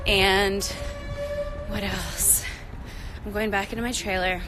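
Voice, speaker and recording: A woman's voice: medium pitch, level tone, slow pace, music in the background, low-quality recording. A woman hosting a casual livestream outdoors by the trailers on a film set, out of breath, bubbly and rambling, talking into a phone held at arm's length. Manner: bubbly, rambling, laughs often.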